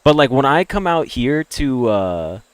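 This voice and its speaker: A young American man chatting with viewers on a game stream, ranting and opinionated, jumping from loud emphatic bursts to low mutters. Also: very animated, a little slow, smooth, dry recording. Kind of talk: casual chat with stream viewers.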